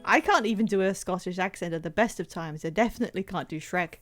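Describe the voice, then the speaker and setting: A woman's voice: on the low side, fast, faint music behind. A woman streaming a game live, chatting casually with viewers, laughing often and poking fun at herself. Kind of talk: casual livestream chat.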